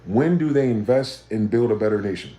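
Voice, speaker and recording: A man rants on a livestream, swearing freely and pressing listeners with combative rhetorical questions. His voice sits in a mid range with a dark, mellow tone, and his room gives it a noticeable echo. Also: fairly low pitch, a little fast. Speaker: livestream host. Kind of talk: ranting livestream monologue.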